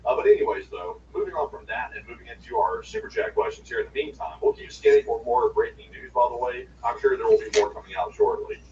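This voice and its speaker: A sniffly, groggy man chatting in a rambling way full of "like" and "you know," his pitch swinging all over. He sits far from the mic in an echoey room, with a dull, muffled sound and a faint hiss. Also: huge pitch swings, fast, hardly any pauses, a little mellow. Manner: rambling, chatty, many fillers. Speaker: livestream co-host reading viewer questions. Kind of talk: casual news chat.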